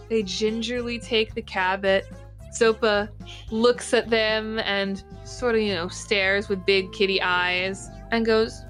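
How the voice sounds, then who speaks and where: A woman's voice: mid-range voice, steady tone, slow pace, fairly bright tone, faint music behind. A woman narrating as game master in a tabletop game, playful and descriptive.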